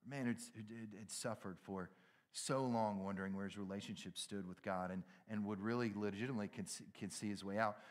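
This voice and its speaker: Man, southern accent, middle-aged pastor, casual sermon, acts out scenes with loud highs and quiet drops. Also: fairly even intonation, fairly quick. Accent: American Southern. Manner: casual storytelling, acts out dialogue with sudden loud high bursts and quiet drops.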